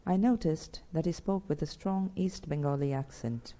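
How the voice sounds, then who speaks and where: A woman narrating an audiobook in measured first-person storytelling. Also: lowish voice, dark tone. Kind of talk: scripted narration.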